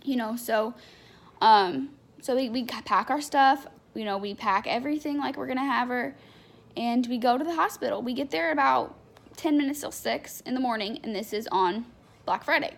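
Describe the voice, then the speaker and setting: A woman's voice: a little high, normal speed, gravelly. A young adult woman telling a candid personal story in a chatty, unfiltered way, full of fillers. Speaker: vlogger.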